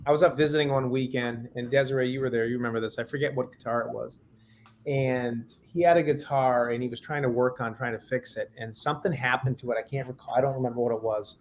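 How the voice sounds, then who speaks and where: A man's voice: mid-range voice, steady tone, fast talker, slight background noise. Easygoing man recalling a story. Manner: easygoing, trails off, unsure of details. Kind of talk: casual reminiscing among friends.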